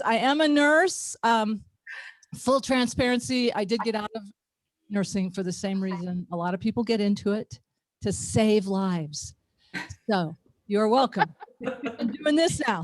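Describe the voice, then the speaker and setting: A woman's voice: mid-range voice, normal speed, dry recording. A middle-aged woman with an Ozark twang doing self-mocking stand-up comedy over a video call from her garage studio, laughing often. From Ozarks, USA. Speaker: comedian and former nurse.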